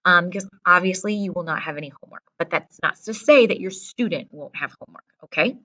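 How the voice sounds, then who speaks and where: A woman's voice: on the low side, fast, bright, forceful tone. A woman from the Midwest, a Spanish teacher briefing her students in a direct, instructive way and often checking in with them. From American Midwest. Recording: voice from a distance from the mic.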